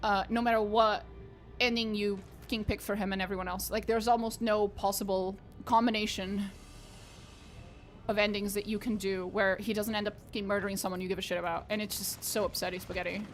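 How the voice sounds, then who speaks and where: A woman's voice: mid-range voice, little pitch movement, fairly quick, soft background music. A young woman streaming a game, chatting casually with viewers, swearing often and getting exasperated. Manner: frustrated, swears freely, chats with viewers. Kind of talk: casual live-stream chat while playing.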